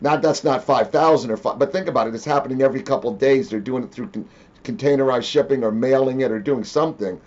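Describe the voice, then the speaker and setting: A man hosting a casual interview tells his stories with energy and acts out each voice in the dialogue. His voice has an average pitch, and the recording sounds a little dull and muffled. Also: quick pace. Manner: animated, acts out quoted dialogue. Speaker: interview host.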